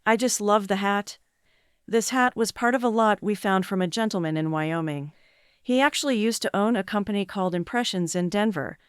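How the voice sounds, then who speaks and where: High, smooth girly AI voice put on by a man, dry sound. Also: normal speed, dry recording. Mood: playful. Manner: high, girly, flat readout. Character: mock AI version of a young woman.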